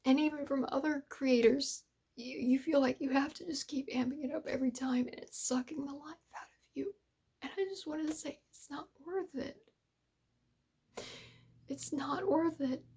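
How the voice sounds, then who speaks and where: A woman's voice: sits high, brisk, a little mellow. A woman hosting an ASMR channel gives an earnest, emotional talk to creators and drifts in and out of a whisper. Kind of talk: soft-spoken heartfelt talk to creators.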